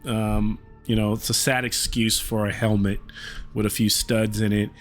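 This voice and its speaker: A man's voice: on the low side, flat delivery, normal speed, faint music behind. A man narrating a tabletop game as game master, rambling with many fillers.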